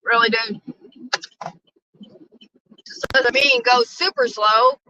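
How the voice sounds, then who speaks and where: A woman's voice: on the high side, sing-song, takes it slowly, vocal fry, sharp tone, lo-fi sound, a little hiss or hum. A woman vlogging in casual chat while driving an RV, blunt and profane. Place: inside a small RV on the road.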